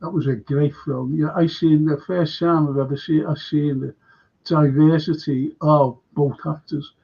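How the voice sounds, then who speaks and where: A man hosting a casual film chat stream, excitable and reading out viewer comments. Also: a little high, measured pace, vocal fry, breathy edge. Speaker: host. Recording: dull lo-fi stream audio.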